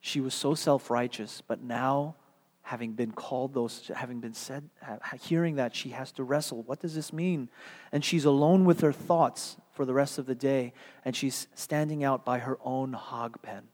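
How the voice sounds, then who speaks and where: A man's voice: medium pitch, fairly even intonation, normal speed, a little mellow. A male pastor delivering a sermon with dramatic, earnest storytelling. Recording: long hall reverb.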